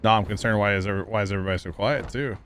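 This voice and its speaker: A man with a lowish voice talks loosely to his stream chat while he plays, rambling and quick to laugh. A faint hum sits under his voice. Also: fairly even intonation, a bit bright. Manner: chatty, rambling, thanks viewers and laughs easily. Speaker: livestreamer. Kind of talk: casual gaming livestream chat.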